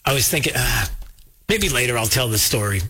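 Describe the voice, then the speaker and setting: A man hosting a talk show, telling a story casually and jumping high in pitch when he quotes people. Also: expressive, brisk, sharp tone, a little hiss or hum. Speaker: show host.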